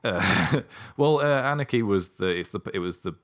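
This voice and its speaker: Low-voiced man hosting a casual podcast. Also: expressive, normal speed, fairly bright tone. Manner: reads quotes aloud, swears and laughs often. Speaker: podcast co-host. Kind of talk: casual history podcast chat.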